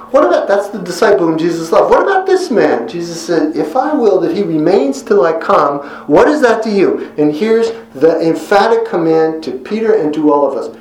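A man preaching a sermon in an earnest, conversational way, pausing for effect and voicing quotes with emphasis. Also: high-pitched, darkish tone, roomy sound, poor audio.

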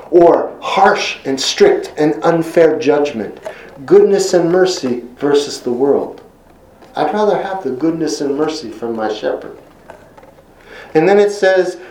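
A man preaching a sermon in an earnest, emphatic way, slowing down to stress key phrases. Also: fairly high pitch, darkish tone, reverberant, rough recording.

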